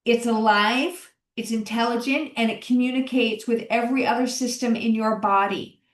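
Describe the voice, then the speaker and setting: Higher-voiced woman, roomy distant sound. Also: steady tone, moderate pace. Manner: encouraging, conversational, repeats key phrases. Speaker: podcast host, health coach. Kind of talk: solo podcast monologue.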